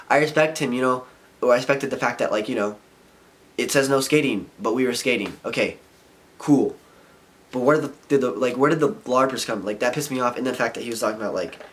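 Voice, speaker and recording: Young male vlogger, mid-pitched, frustrated casual rant with lots of fillers. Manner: frustrated rambling, heavy filler "like". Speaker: vlogger and skater. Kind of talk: casual ranting vlog.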